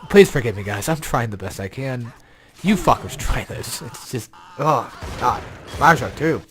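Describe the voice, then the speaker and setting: A young man offers rambling, casual gameplay commentary in an unhurried mid-range voice with lively intonation, over background noise. Tired and yawning, he swears a lot and becomes exasperated, and a peculiar robotic glitch colors his voice.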